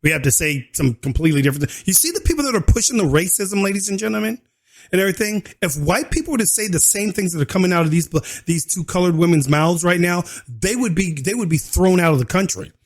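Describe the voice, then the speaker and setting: Animated, high-pitched male reaction commentator. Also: fast. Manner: animated, laughing, mocking, mimics voices.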